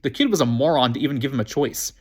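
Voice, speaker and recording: A man reading a children's novel aloud, quick and prone to restarting phrases. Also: mid-range voice, animated, breathy edge. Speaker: reader.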